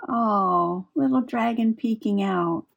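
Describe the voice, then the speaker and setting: A woman's voice: on the high side, takes it slowly, creaky. A woman chatting and giggling as she works on a craft project. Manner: chatty, giggly, talks while working. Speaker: crafting vlogger. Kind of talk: casual crafting chat.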